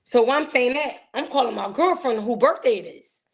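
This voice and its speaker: A woman, a guest telling an emotional personal story in an animated way, acting out the voices she quotes. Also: a little high, brisk, vocal fry.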